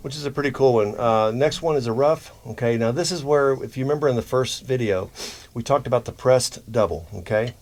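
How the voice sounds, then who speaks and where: A man teaching drum rudiments in a relaxed, explanatory way, often checking in with "okay?". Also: medium pitch, brisk. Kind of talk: instructional demonstration.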